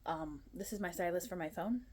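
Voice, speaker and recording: A woman's voice: lowish voice, brisk, darkish tone. A woman in her twenties chatting casually to her phone camera at home, rambling and a little nervous. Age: 20s. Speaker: booktuber. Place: her apartment.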